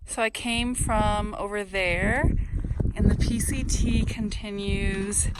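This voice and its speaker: A woman's voice: medium pitch, fairly even intonation, takes it slowly, heavy background noise. A young woman vlogging while hiking a snowy mountain trail, talking earnestly and chattily with many fillers, into a handheld camera outdoors. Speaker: long-distance hiker vlogging. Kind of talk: casual vlog narration.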